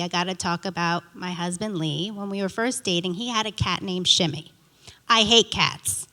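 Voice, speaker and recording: A middle-aged woman performing a stand-up comedy set, telling stories with animated, indignant quoted dialogue. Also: medium pitch. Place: theater stage. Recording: reverberant theater hall.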